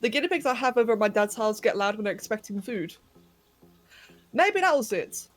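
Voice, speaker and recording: A woman's voice: on the high side, animated, a little fast. Chatty, giggly young woman streamer. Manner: chatty and giggly, chatting to viewers while working. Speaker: game streamer. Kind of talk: casual livestream chat while playing a game. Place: home bedroom.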